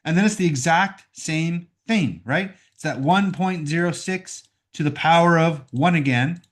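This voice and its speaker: Working a little slowly, a math teacher explains a problem step by step aloud in a recorded lesson, checking in often with "right?". He has a somewhat high voice and records at home on his computer's microphone.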